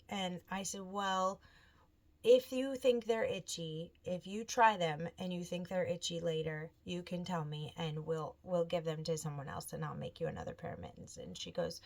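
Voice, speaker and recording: A woman in her thirties hosting a knitting video podcast, telling stories in a chatty, animated way and acting out the people she quotes. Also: on the low side, normal speed. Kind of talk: casual chat.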